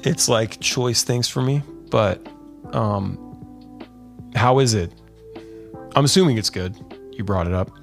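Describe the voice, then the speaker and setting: A laid-back male podcast host chats loosely on a live stream, his mid-pitched voice carrying a steady gravelly fry. He rambles along with plenty of fillers and "dude", and soft music hums faintly underneath. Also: slow, long pauses. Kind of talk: casual live-stream chat.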